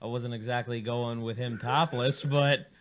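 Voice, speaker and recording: A man hosting a casual radio studio show, animated and teasing, swearing freely as he jokes with his guests. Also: mid-range voice, normal speed.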